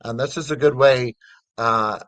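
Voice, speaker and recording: A man's voice: mid-range voice, a little slow, fairly bright tone, no room sound. Northern Irish man, dry close mic. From north of Ireland. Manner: rambling, with many fillers and restarts. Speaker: comedian guest. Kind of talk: casual interview chat.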